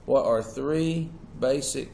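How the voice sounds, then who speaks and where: A man's voice: mid-range voice, takes it slowly, gravelly, dark tone. A man lecturing a class as their teacher, asking questions and stressing key words. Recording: echoey classroom with faint noise.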